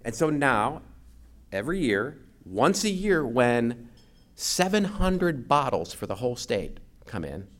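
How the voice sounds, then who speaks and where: Male guest speaker, animated storyteller with a wide-ranging pitch. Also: slow pace. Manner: animated storyteller, acts out quotes. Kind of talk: lively after-lunch talk.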